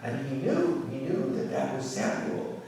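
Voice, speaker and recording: A man who is a rabbi, telling a folk story in an animated lecture, often repeating words as he goes, in a synagogue sanctuary. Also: mid-range voice, unhurried, slight background noise. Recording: echoey hall, distant mic.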